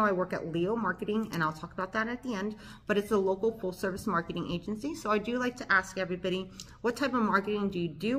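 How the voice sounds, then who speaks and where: A woman's voice: mid-range voice, a bit bright. A woman hosting a casual local talk show from a studio, chatty and bubbly, laughing often, with a slight lisp from dental aligners.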